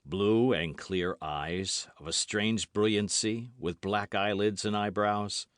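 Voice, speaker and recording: A man voicing a calm, phlegmatic male musketeer in an audiobook, low and measured. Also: no echo, clean studio sound. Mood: grave. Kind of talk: audiobook character voice.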